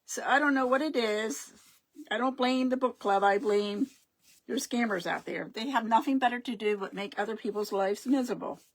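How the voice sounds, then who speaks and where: A woman's voice: fairly high pitch, normal speed. A middle-aged woman hosting a casual live craft stream, rambling and chatty, often losing her words and greeting her viewers.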